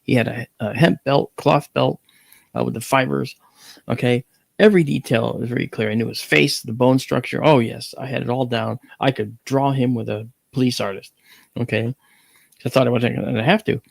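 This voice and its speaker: A man with a gravelly, fry-edged voice in the middle pitch range recounts a personal story as an interview guest. He talks in an animated way, jumping up in pitch on exclamations, and his wording is blunt with mild swearing. The recording is dry and close, with no room sound. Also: a little slow, dry recording.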